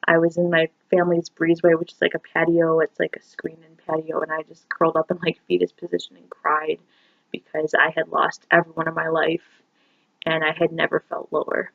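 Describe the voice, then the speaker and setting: A woman's voice: deep voice, completely flat delivery, fairly quick, gravelly, dry recording. Young woman vlogger, confessional storytelling, rambling and emotional; dry, muffled phone audio. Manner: rambling, emotional, full of "like" and "you know". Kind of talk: personal storytelling to camera. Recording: dull lo-fi phone recording.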